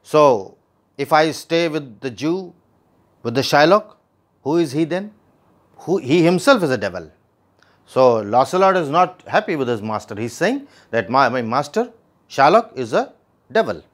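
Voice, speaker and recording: A man's voice: fairly high pitch, sing-song, measured pace. A man teaching a play line by line, reading each passage and then restating it in plain words. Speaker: literature teacher.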